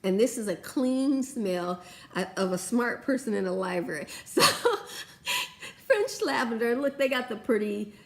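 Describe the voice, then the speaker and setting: Woman, vlogger, casual product review, gushing, talkative, swoops up in pitch when excited. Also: moderate pace. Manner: chatty and gushing, lively swings in pitch. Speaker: beauty vlogger.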